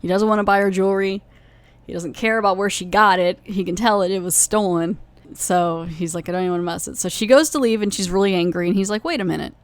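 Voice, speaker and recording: A woman's voice: medium pitch, fairly even intonation, a little fast, no echo. A woman hosting a podcast, casually recapping a TV episode in a rambling way, full of "like" and "you know" and self-corrections. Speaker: podcast host reviewing a TV episode.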